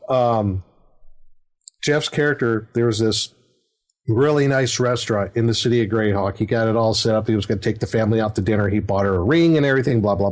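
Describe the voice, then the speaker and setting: A middle-aged man with a darkish, mid-range voice hosts a podcast, casually rambling about a tabletop game he ran as game master. Fillers and chuckles pepper his story.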